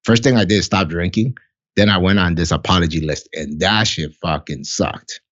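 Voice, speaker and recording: A man's voice: deep voice, moderate pace, a bit bright, muffled recording. A middle-aged man, a podcast guest, talking candidly and with heavy profanity about fatherhood in casual conversation. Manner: blunt, profane, heartfelt storytelling.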